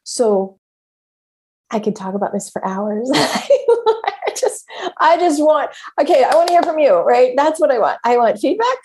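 A woman's voice: high voice, sing-song, moderate pace, a little mellow. A middle-aged woman and former therapist who hosts a show, talking candidly to listeners, emphatic, swearing freely and repeating words as she goes. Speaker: podcast host and former therapist. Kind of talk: candid casual monologue.

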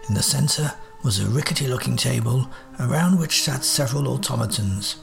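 A man's voice: medium pitch, normal speed, creaky, soft background music. A man voicing a cool, sardonic detective who speaks in clipped, precise Victorian diction.

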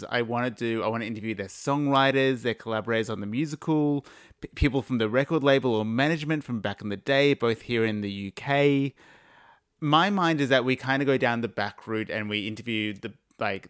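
A man's voice: mid-range voice, a bit bright, clean tone, no room sound, studio quality. A man co-hosting a fan podcast in casual chat, playful and teasing with listeners. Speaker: podcast co-host.

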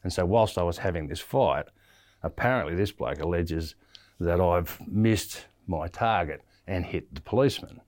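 In clean studio audio without echo, an Australian man speaks in a low, expressive, darkish voice at a moderate pace. As an interview guest he tells a lengthy story casually, wandering, with many fillers and restarts.

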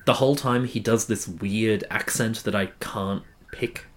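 This man co-hosts a podcast, chatting loosely and throwing in dry jokes. His voice sits a bit low for a man. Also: unhurried. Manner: wry, joking asides. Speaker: podcast co-host. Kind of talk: casual chat.

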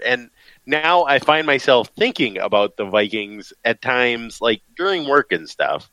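A man with a lively, bouncing delivery and a bright, forceful tone trades jokes as a podcast co-host. He mocks himself freely and is recorded close and dry. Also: mid-range voice, measured pace, no room sound, rough recording. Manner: joking, self-mocking, puts on mock inner voices. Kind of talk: casual sports banter.

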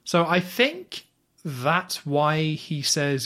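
A man's voice: mid-range voice, normal speed, fairly bright tone. A man co-hosting a casual film podcast, who retells a scene and quotes its lines. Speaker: podcast co-host.

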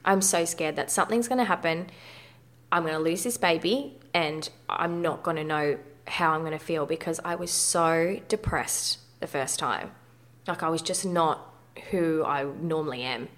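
This is a woman in her thirties, a guest in a candid personal interview, talking openly and casually with some mild swearing. She has a low, slightly bright voice and speaks at a normal speed.

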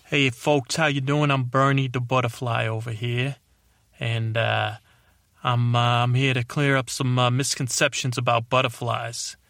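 A man voicing a loudmouth male butterfly who rants angrily at humans in a brash, rambling way with a put-on tough-guy accent. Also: mid-range voice, flat delivery, racing, creaky, few pauses, no room sound, studio quality, close to an everyday voice. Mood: irritated. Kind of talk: comedic character monologue.

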